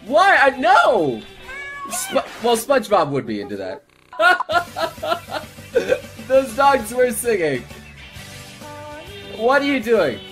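A man hosting a reaction video, excitable and loud, swearing often and protesting. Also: extremely high pitch, slow pace, creaky, pauses often, faint music behind. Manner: excitable, swears a lot, laughs and protests loudly. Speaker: host reacting to fan videos. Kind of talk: reaction commentary.

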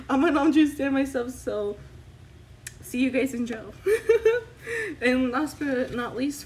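A woman vlogger chatting through an unboxing, excitable and gushing, squealing with delight. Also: a little high, a little hiss or hum, low-quality recording. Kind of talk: casual unboxing vlog.

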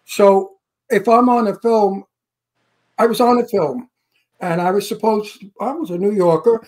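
A talkative man with a thick Brooklyn accent, co-hosting a relaxed interview show. He drifts into anecdotes and acts out quotes as he goes. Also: high voice, measured pace. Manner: talkative, tells stories with acted-out quotes. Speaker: co-host. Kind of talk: casual interview chat.

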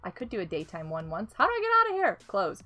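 A woman hosting a casual gameplay live stream, excitable and giggly as she reacts to the game and greets viewers by name. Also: mid-range voice, fast.

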